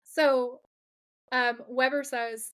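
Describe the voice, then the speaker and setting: A woman with a fairly high voice co-hosts a podcast, walking through a TV episode scene by scene. She tells it dramatically and animatedly, gushing and swearing when excited. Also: extremely slow, clean tone. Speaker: podcast co-host. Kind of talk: casual TV episode recap chat.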